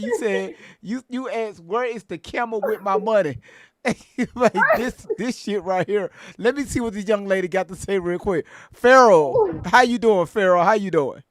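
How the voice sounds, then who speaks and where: A man with a high voice hosts a live stream, recorded in studio quality with no echo. His chat is loose banter, full of laughter and cursing.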